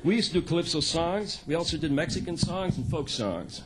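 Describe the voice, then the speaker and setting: A man's voice: a little high, animated, a little fast. A man in his sixties, a folk singer telling loose, chatty stories from a club stage and chuckling at his own anecdotes. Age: 60s. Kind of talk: onstage storytelling monologue.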